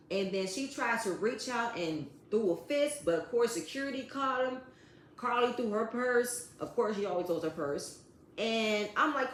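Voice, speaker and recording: A woman with a fairly high voice runs through a reality TV episode recap in casual commentary. She is blunt and sassy, swears freely, and speaks straight to the people on the show. Her voice carries a noticeable room echo. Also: animated, moderate pace, slight background noise. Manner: blunt, sassy, profane, addresses cast members directly. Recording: roomy echo.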